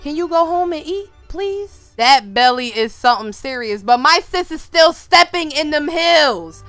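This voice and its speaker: A young woman giving casual gameplay commentary, excitable, with loud outbursts and slang aimed at her viewers. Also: high voice, measured pace, no echo, soft background music. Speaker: gaming video creator.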